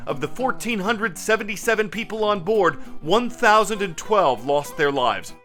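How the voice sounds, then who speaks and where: Bright high-voiced male news host. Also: expressive, moderate pace, faint music behind. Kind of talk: scripted news narration.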